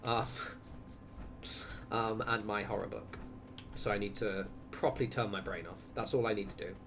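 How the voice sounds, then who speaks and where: Speaking at a normal pace in a lowish voice with fairly even intonation, a young man chats casually with viewers while streaming a game. His livestream talk rambles, with asides to viewers and frequent breaks where he interrupts himself mid-sentence.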